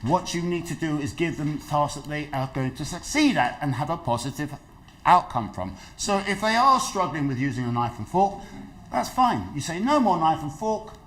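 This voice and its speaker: A middle-aged man leads a dementia awareness session. His pitch swings widely as he tells stories, and he slips into the voices of the people in them. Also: normal speed. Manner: lively storytelling, acts out quoted voices. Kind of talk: health talk to an audience.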